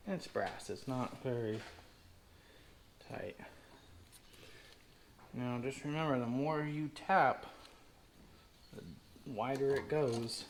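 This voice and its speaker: A man's voice: mid-range voice, takes it slowly, pauses often, reverberant, a little hiss or hum. A man talking casually to himself and viewers while doing a plumbing repair, with jokey asides. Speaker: DIY repair vlogger. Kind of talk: casual talk while working.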